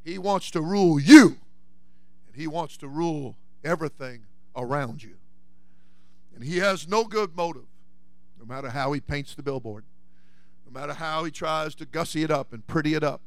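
Man, pastor, fiery sermon, high voice, dry sound. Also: moderate pace, vocal fry, long pauses, dry recording. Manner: fiery preaching that builds to shouting.

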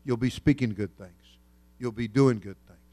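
A man's voice: mid-range voice, moderate pace, dry recording. Folksy preaching man, dry close sound. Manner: folksy storytelling preacher, swings from loud to hushed. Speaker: senior pastor. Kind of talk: sermon.

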